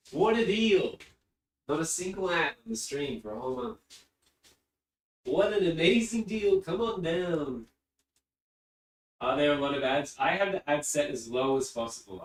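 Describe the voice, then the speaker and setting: Sitting far from his mic in an echoey room, a man chats casually on a livestream, rambling and getting easily distracted. His voice is medium-pitched with a fairly bright tone.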